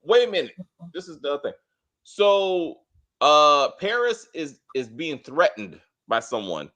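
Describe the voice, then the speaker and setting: A man co-hosting a casual spoiler review of a TV drama, talking in a blunt, animated way, cursing freely and restarting his sentences often. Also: a little high, measured pace. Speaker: TV show reviewer, co-host.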